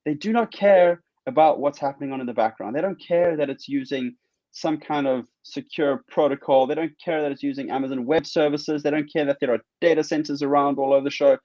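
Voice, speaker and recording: A man in a casual interview, talking fast and excitedly, with his thoughts running into each other. The sound is dull and a bit muffled, and it is dry and close, with no room echo. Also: on the high side. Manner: animated, rambling, excitable. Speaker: guest artist.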